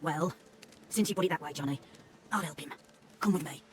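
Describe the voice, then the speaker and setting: A woman's voice: deep voice, a little fast, background noise, natural voice. Woman voicing a stern old caretaker. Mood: grudging. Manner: stern, then a hushed ritual chant. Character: stern old village woman who cares for orphans. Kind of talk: video game voice acting.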